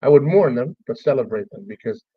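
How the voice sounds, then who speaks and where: Halting, heartfelt man telling a story. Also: mid-range voice, lively intonation, no echo, lo-fi sound. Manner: halting, repeats words, profane, heartfelt. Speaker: streamer host. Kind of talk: emotional personal storytelling.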